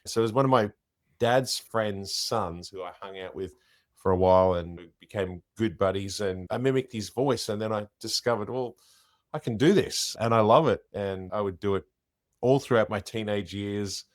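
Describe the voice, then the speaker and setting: Low-voiced Australian man, lively and dry. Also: moderate pace, no echo. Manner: animated, chatty, with restarts. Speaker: guest impersonator. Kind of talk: casual interview storytelling.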